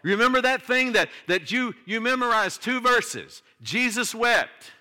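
A man's voice: very high-pitched, normal speed, bright, forceful tone, clean tone. An older man, a pastor delivering a sermon in a conversational style that swings into emphatic declarations.

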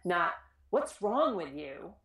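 Earnest, low-voiced woman presenting. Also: slow, roomy sound. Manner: earnest and animated, with frequent restarts. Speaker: school trauma specialist giving a presentation. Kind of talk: informal educational presentation.

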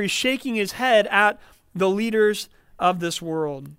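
A man preaching a sermon as a pastor, explaining scripture in a measured, teaching manner. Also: high-pitched, animated, fairly bright tone, clear, resonant tone, dry recording, clean studio sound.

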